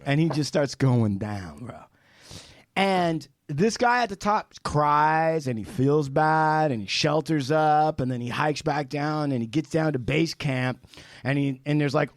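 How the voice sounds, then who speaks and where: A man with a slightly high voice spins a long tale on a casual podcast. He talks in a loose, profane way and bursts into shouted re-enactments. The sound is dry and close. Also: dry recording. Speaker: podcast guest, film director.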